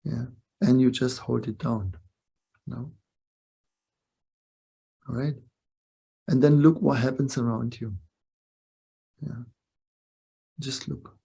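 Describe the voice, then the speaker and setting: An older man teaching a spiritual class over a video call, his voice gravelly with fry and a husky edge. He talks reflectively and keeps checking in with short questions. His pitch sits in an ordinary middle range. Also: fairly even intonation, slow pace, pauses often, dark tone. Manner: reflective, asks the listeners short tag questions. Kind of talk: webinar teaching talk. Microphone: video call mic.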